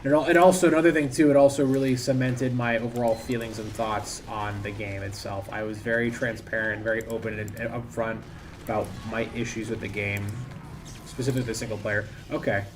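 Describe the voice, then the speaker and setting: A man's voice: on the low side, fairly even intonation, a little fast, background noise. A young man casually chatting while he plays a game on stream, rambling and self-critical, often trailing off. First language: English. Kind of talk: casual commentary while gaming.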